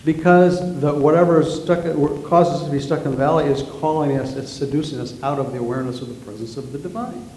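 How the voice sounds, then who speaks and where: A man's voice: on the high side, fairly even intonation, quick pace, hardly any pauses, a little mellow. A man, a guest minister and author, preaching a sermon in a conversational way, repeating himself and asking the congregation questions, in a church sanctuary. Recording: roomy church sanctuary, faint noise.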